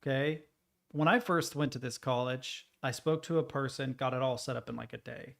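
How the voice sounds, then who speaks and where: A young man streaming live, chatting casually and ranting with plenty of swearing and animated retellings. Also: mid-range voice, moderate pace, gravelly.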